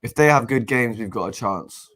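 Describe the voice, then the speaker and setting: A young man giving casual live match commentary as a fan co-host, excitable and exasperated, with frequent restarts. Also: mid-range voice, normal speed. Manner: excitable and exasperated, swears, repeats and restarts phrases.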